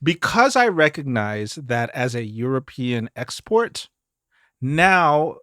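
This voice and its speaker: A man from Mississippi, a guest singer in a casual podcast talk, telling lively stories and acting out the people he quotes. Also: medium pitch, takes it slowly, no room sound, studio quality. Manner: animated storyteller, acts out quoted voices.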